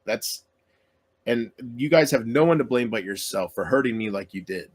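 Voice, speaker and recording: A man's voice: mid-range voice, lively intonation, moderate pace. A man YouTuber in an emotional solo rant to his viewers, aggrieved and self-pitying, swearing often and trailing off mid-sentence.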